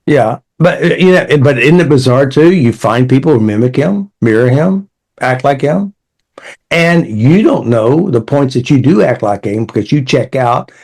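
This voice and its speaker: A man's voice: mid-range voice, expressive, moderate pace, a little mellow. A man hosting a conversational talk, telling client anecdotes with wry asides and acted-out quotes. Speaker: therapy method creator and podcast host. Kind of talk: conversational storytelling.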